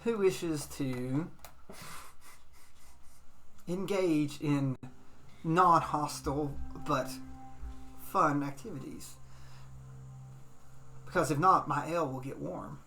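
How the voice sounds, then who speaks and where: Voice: medium pitch, takes it slowly, long pauses, bright, forceful tone, faint music behind. A game master doing a haughty paladin. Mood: taunting. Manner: grand, formal old-fashioned speech. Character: haughty male paladin teacher, lofty challenger.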